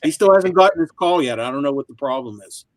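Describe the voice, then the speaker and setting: Male co-host, casual rambling storyteller, slightly raised pitch. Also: lively intonation, no echo. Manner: rambling recounting with filler pauses. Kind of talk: casual chat. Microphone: video call.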